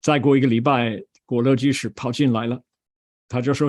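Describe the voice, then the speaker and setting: A man's voice: medium pitch, steady tone, brisk, a little mellow. An older man giving a Buddhist Dharma talk, telling a story and acting out the people in it. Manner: switches between Mandarin and English, acts out quoted voices.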